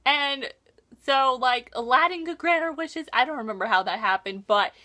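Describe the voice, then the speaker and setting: A young woman talks through a TV finale in a gushing, excitable fan chat, peppering everything with "like." Her voice sits a touch high and sounds bright and forward. The delivery is loose and chatty. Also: moderate pace. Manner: gushing, excitable, heavy filler "like". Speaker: vlogger. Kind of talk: casual fan recap.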